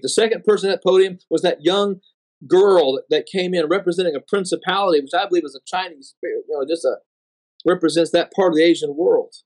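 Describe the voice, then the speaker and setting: A man recounting a prophetic dream in a halting, dramatic way, repeating words and slowing for emphasis. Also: high voice, darkish tone. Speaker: dream narrator.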